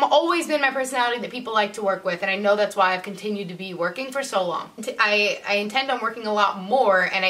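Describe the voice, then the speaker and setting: A woman's voice: mid-range voice, bright, forceful tone, recorded from a distance. A woman vlogger telling a personal story to camera in a chatty way, full of "like" fillers. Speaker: model and vlogger.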